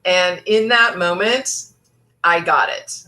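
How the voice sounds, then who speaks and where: A woman's voice: lowish voice, slow pace, pushed and bright. A woman life coach giving an earnest motivational talk, with many fillers and restarts.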